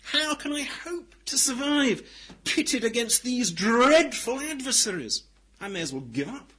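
A man preaching a sermon in a deliberate, emphatic way, swinging from loud declarations to hushed, quiet lines. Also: extremely high pitch, sing-song, slightly rough, poor audio.

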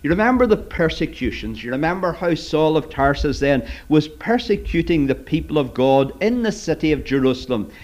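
A man's voice: fairly high pitch, lively intonation, moderate pace, hardly any pauses, darkish tone. A man preaching to children, retelling a Bible story in a storytelling manner and addressing them directly. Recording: dull lo-fi recording.

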